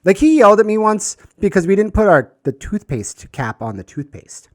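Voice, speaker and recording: A man co-hosting a podcast, chatting casually and telling animated stories, sometimes mimicking people in a much higher voice. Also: normal speed, no echo, clean studio sound. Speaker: podcast co-host. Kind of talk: casual chat.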